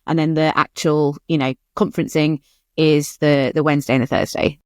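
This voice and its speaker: A woman's voice: low voice, fairly even intonation, moderate pace, no echo, clean studio sound. A woman co-hosting a writing podcast in casual chat, candid and chatty. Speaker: podcast co-host.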